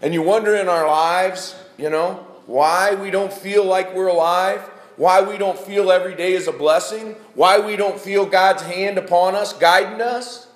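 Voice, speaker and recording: A man's voice: high-pitched, fairly even intonation, measured pace, few pauses, reverberant. A middle-aged man preaching a sermon in a church, folksy, calling out members of the congregation by name.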